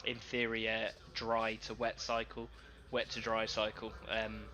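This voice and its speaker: A man's voice: on the low side, monotone, a little slow. A man giving live sim racing commentary, chatty and running through the grid with asides. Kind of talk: live esports race commentary. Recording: loud game engine noise behind.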